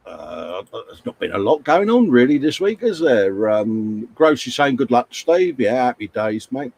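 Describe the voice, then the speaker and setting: A man's voice: mid-range voice, big pitch swings, unhurried, creaky, darkish tone, slightly rough. A man, co-hosting a live stream and chatting casually while reading viewer comments aloud. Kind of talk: casual banter.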